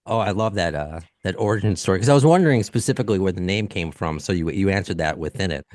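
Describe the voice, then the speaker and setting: A man in his forties with a New York accent hosts a podcast interview, friendly and rambling, tripping over his words and poking fun at himself. His voice sits a bit low, and the room around him is dry and dead. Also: animated, quick pace, darkish tone, dry recording. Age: 40s. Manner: friendly, rambling, self-deprecating with many restarts. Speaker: podcast host. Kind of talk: casual interview.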